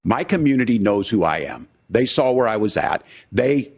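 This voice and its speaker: A man's voice: lowish voice, sing-song, moderate pace, a little mellow. A man politician answering in a debate, earnest and restarting his sentences.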